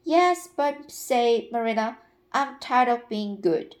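A woman reading aloud and voicing a lively, curious little boy who asks questions insistently. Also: a little high, slow, pitched above the performer's own voice. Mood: eager.

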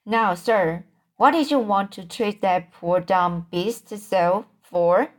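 A woman's voice: medium pitch, close to an everyday voice. A stern older aunt, read by a woman. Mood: scolding. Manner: halting, repeats words.

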